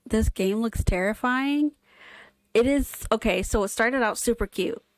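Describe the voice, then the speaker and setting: A woman's voice: a little high, measured pace, no room sound. Chatty woman streamer playing a game. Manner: chatty, giggly, self-aware. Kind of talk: casual let's-play commentary and dialogue reading.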